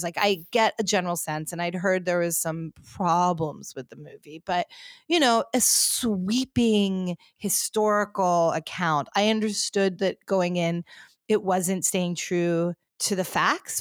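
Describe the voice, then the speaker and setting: A woman's voice: lowish voice, no echo. Ranting woman podcast host, dry sound. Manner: animated ranting, lots of "like" fillers. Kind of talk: casual chat.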